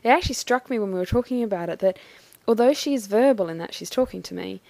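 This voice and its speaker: A woman talking through a personal experience in a thoughtful, halting, measured way. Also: mid-range voice, expressive, gravelly, dark tone, dry recording. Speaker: vlogger. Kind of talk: personal reflective monologue.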